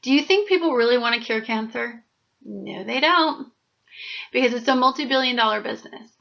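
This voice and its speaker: High-voiced woman giving emphatic astrology readings. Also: fairly quick, creaky, dull audio. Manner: emphatic, preachy, animated asides. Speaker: astrology host.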